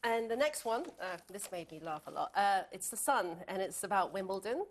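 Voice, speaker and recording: A woman's voice: medium pitch, expressive, moderate pace. A woman guest on a talk show reviewing newspaper stories, hesitant with many fillers.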